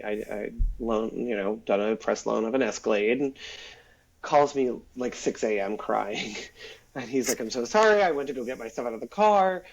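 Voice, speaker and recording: Guy on a podcast telling a long story, lots of ums and likes, voices the people he quotes, kinda dull lo-fi sound. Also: mid-range voice. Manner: animated storyteller, acts out quotes, many fillers. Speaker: guest, former automotive PR man.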